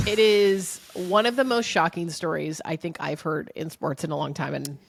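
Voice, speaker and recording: A young adult woman co-hosting a podcast, telling a story in an animated, chatty way. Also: low voice, normal speed, vocal fry, no echo. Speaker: podcast co-host. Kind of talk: casual chat.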